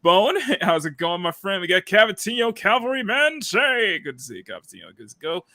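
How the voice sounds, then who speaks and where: A man hosting a casual live stream, excitable and giggly, greeting viewers in chat by name. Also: sits high, brisk. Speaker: streamer host.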